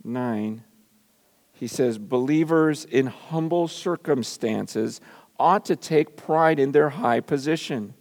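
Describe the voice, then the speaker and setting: A man in his forties preaching a sermon, swinging between loud bursts and quiet, intimate asides. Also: a little high, big-room sound. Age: 40s. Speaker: pastor.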